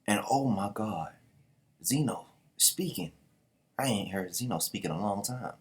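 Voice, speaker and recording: A man with a rather low voice reads through a manga chapter and reacts in a slangy, casual way. His pitch swings widely as he talks, but his pace stays slow and unhurried. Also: lively intonation, breathy edge. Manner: slangy, reads the characters' lines out loud in voices.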